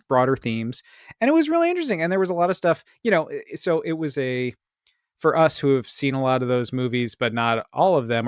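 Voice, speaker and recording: A man's voice: medium pitch, no room sound, clean studio sound. A man co-hosting a podcast in casual chat, talking in a rambling way with lots of restarts. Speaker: podcast co-host.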